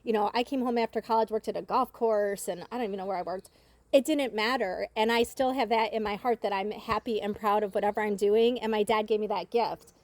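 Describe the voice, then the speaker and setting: A middle-aged woman giving an earnest, reflective family tribute at a gathering, telling personal stories with many small pauses. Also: medium pitch, steady tone, dry recording. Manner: earnest, reflective storytelling with fillers.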